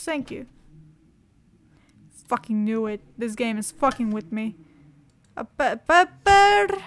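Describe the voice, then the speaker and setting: A young woman with a high voice narrates her run through a horror game. She is jokey and sarcastic, cursing freely as she plays. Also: a bit bright, a little hiss or hum. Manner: swears a lot, jokey and sarcastic. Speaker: let's play gamer. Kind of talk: horror gameplay commentary.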